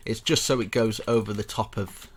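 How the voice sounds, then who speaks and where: A man's voice: on the low side, fairly even intonation, normal speed, slight background noise. A young man casually walking viewers through a building tutorial step by step, chatty and rambling with self-mocking asides.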